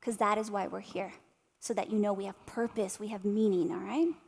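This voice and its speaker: Brisk and steady, her mid-range voice is creaky and darkish with a breathy edge. This woman in her thirties gives an animated motivational keynote full of stories and direct tag questions to the audience, recorded with long hall reverb in a large arts-center venue.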